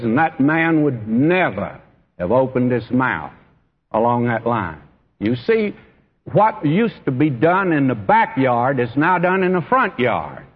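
Preaching in a church, a man with a slightly high, husky voice talks earnestly and directly to his congregation, calling them friend and beloved. He is the pastor, and the church hall recording comes across dull and echoey.

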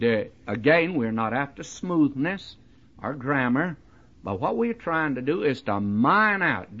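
Male preacher, husky and animated, conversational Bible teaching, emphatic; muffled lo-fi tape. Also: mid-range voice. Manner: conversational, addresses listeners directly with "you see" and "my friend"; emphatic, leans into key words. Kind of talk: verse-by-verse Bible teaching sermon. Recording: dull lo-fi recording.

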